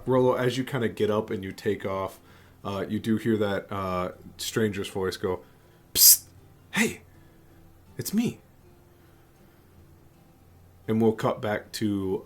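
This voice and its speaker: A man's voice: fairly low pitch, steady tone, normal speed, a little mellow. A man narrating as game master of a tabletop game, casual and full of "uh" fillers.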